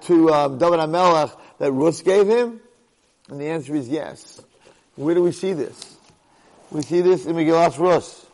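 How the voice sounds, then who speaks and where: Middle-aged male lecturer, higher register, emphatic classroom delivery full of rhetorical questions. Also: a little mellow, in a large hall, rough recording. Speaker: Torah lecturer. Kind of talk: recorded Torah class.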